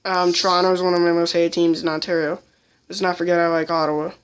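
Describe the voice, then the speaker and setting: A woman's voice: lowish voice, level tone, quick pace, clean tone. A woman giving casual countdown commentary as a fan vlogger, blunt and opinionated, often restarting her sentences.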